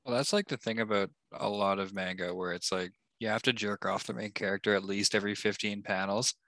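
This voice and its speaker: A man's voice: lowish voice, fairly even intonation, fairly quick, a bit bright, dry recording. A man co-hosting a casual manga chat, making wry joking remarks. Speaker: podcast co-host.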